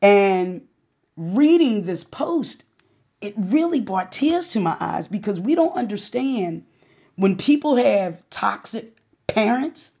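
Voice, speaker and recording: A woman's voice: mid-range voice, very animated, slow, dark tone, husky. A woman hosting a talk podcast, telling a candid personal story about her family in a casual, conversational way. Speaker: podcast host.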